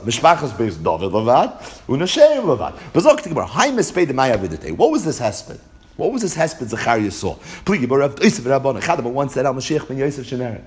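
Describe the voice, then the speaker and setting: A man teaching a Gemara class, chanting the Aramaic text and then explaining it in Yeshivish English with rhetorical questions. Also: mid-range voice. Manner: rhetorical questions, rising to emphatic peaks. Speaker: Talmud teacher.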